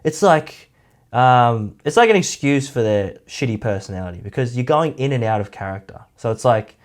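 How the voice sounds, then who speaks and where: A man's voice: mid-range voice, expressive, moderate pace. A man giving a casual, rambling commentary, full of "like" and mocking asides. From Australia. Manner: rambling, heavy use of "like", mocking. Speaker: YouTube commentator.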